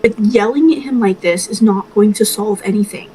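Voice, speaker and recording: A woman voicing a level-headed companion in a tabletop game, firm and soothing, repeating herself to calm someone. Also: mid-range voice, moderate pace, a little hiss or hum, close to an everyday voice, rough recording. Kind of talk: tabletop role-play.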